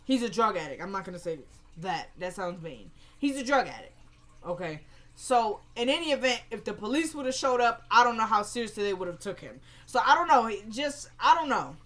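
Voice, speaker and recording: A woman recapping a TV episode in a chatty, rambling, opinionated way. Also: mid-range voice. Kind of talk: casual spoken recap.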